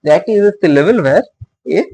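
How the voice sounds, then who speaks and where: A male teacher, explaining poetry meter in a halting way, with many fillers and questions put to his listeners. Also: sits high, expressive, dark tone, slightly rough, low-quality recording. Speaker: literature teacher. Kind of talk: casual classroom-style explanation.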